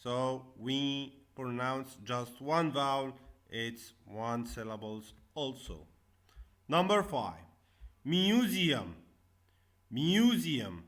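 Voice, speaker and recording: A man teaching a classroom English lesson, repeating each word and stressing the syllables loudly. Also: mid-range voice, lively intonation, drawn-out words.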